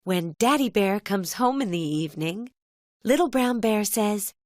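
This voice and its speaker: Slow, gentle woman narrating a cartoon. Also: medium pitch, expressive, no room sound, studio quality. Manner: gentle, slow storybook telling. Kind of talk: scripted narration for a children's cartoon.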